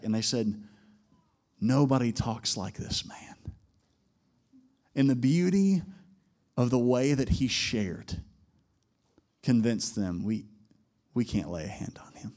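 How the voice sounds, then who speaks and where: A man preaching a sermon to his congregation in an animated way, climbing to emphatic peaks and slowing down for quoted lines. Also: mid-range voice. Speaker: pastor.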